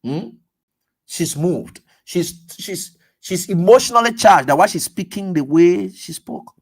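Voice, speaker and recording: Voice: mid-range voice, lively intonation, measured pace, husky. A radio talk host, giving political commentary in an emphatic way, full of repetition and rhetorical questions.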